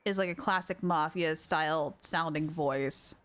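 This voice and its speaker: Brief: young woman streamer, bright tone, slow unhurried talk, giggly reactions. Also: sits low. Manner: bubbly, laughs a lot, reads dialogue aloud. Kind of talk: live gameplay reaction.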